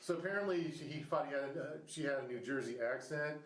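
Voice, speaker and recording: A man in his thirties hosts a casual podcast interview in an average-pitched voice. He rambles through halting restarts, ums and likes. The room around him is noticeably echoey. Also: a bit bright. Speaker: podcast host. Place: Ohio.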